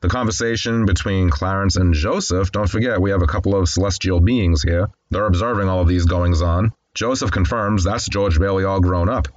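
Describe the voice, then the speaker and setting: A man's voice: low-pitched, fairly quick, few pauses, muffled recording. A man casually recapping a classic film, candid and conversational with wry asides. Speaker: film commentator.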